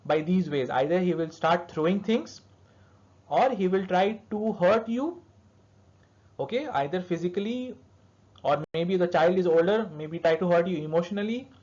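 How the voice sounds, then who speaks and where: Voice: medium pitch, moderate pace, darkish tone. A lecturer in pediatric dentistry giving a recorded lesson to students, explaining step by step and checking in with "all right" and "okay". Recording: dull lo-fi recording.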